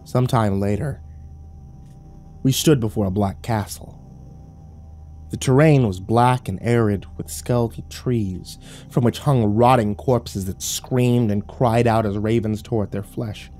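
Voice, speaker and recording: Male horror narrator, low, dark, mellow voice, brooding, faint music underneath. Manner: slow, grave and brooding.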